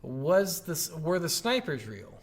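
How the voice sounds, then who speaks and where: A man's voice: on the high side, sing-song, slow. A man co-hosting a casual video game review podcast, rambling, swearing freely and acting out quotes. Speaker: podcast co-host.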